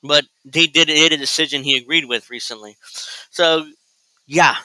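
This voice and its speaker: A man's voice: fairly high pitch, moderate pace, pushed and bright, clear, resonant tone, dry recording, low-quality recording. A male host giving crude, sarcastic, rambling political reaction commentary.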